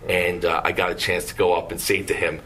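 A man, a composer and producer, telling lively anecdotes as an interview guest and acting out the people he quotes. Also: deep voice, brisk, slight background noise. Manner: animated anecdotes, acts out quoted voices.

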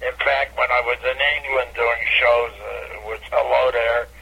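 An older man, a comedian, telling animated stories from his career in a casual radio interview over a phone line. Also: moderate pace, vocal fry, slightly rough. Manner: animated anecdote teller, bursts into high catchphrase. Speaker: comedian guest.

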